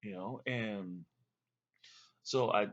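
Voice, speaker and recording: A man's voice: on the low side, very slow, fairly bright tone, lo-fi sound. A man telling a long, rambling story to camera in a casual way, with fillers and restarts. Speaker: vlogger recounting a dream.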